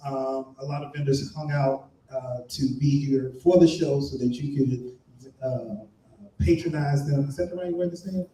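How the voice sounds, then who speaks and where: A man's voice: medium pitch, fairly even intonation, moderate pace, dark tone. A man from Maryland doing stand-up comedy and emceeing, joking loosely with a live crowd. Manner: loose, playful crowd banter. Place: live comedy venue with an audience. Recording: roomy echo, mic heard from a distance.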